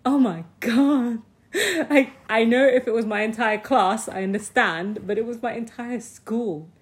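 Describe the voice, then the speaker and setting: A woman casually telling a personal story, animated, swearing freely and packing her talk with "like". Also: fairly high pitch, unhurried. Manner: often laughs mid-sentence.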